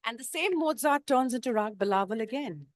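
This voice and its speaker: A woman's voice: on the high side, animated, fairly quick. A middle-aged woman from India with an Indian accent, giving an emphatic motivational talk with music on a conference stage and asking rhetorical questions. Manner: emphatic, rhetorical questions, sings note names. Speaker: musician speaking at a business summit.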